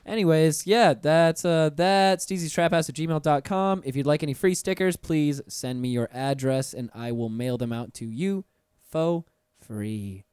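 A man's voice: on the high side, unhurried, a little mellow, clear, resonant tone, dry recording. A man hosting a casual podcast, laid-back and teasing, using a lot of slang, on a studio mic. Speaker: podcast host. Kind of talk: casual chat.

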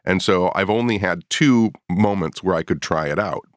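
A middle-aged man with a very low voice tells a story in a casual podcast chat. He is a paranormal investigator, and he jumps up in pitch when he acts out his own past reactions. The sound is dry and close. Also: moderate pace, no room sound.

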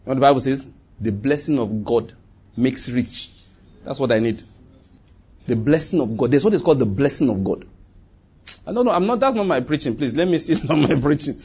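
A husky, somewhat high-pitched man preaches a sermon. He hammers points home by repeating phrases, swinging from loud declarations to low, quiet asides. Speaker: pastor.

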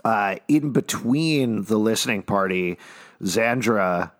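A man with a low-pitched voice recaps a TV episode in easygoing podcast chat. He is playful and laughs easily. The sound is dry and close. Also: expressive, slow, no echo. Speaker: podcast co-host.

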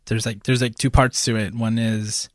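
A man hosting a podcast, opening the show and chatting casually with relaxed, quick agreement. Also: fairly low pitch, no echo, clean studio sound. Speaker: podcast host.

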